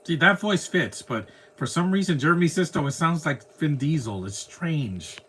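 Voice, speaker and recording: A man's voice: fairly high pitch, lively intonation, normal speed, fairly bright tone, breathy edge. A man live streaming, chatting casually through a movie reaction, rambling and laughing at his own jokes.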